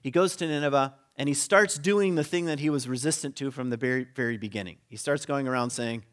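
A preacher with a mid-range voice speaks fairly quickly, hardly pausing, in a conversational sermon. He tells a story with animated humor and briefly acts out the characters' lines.

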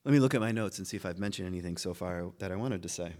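A man's voice: sits low, very fast, darkish tone. A man giving an informal philosophy lecture to a class, musing aloud, laughing at his own points and often restarting his sentences.

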